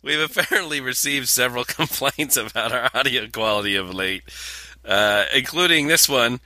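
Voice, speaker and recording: A man's voice: medium pitch, normal speed, pushed and bright. A man co-hosting a podcast in casual comedic chat, sarcastic and profane. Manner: sarcastic, profane, reads quotes aloud. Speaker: podcast co-host.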